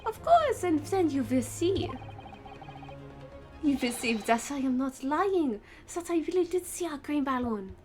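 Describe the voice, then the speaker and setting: A woman voicing an excitable, boyish young man who stammers and blames others when cornered. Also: high voice, measured pace, soft background music. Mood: eager. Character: excitable boyish young male balloon photographer.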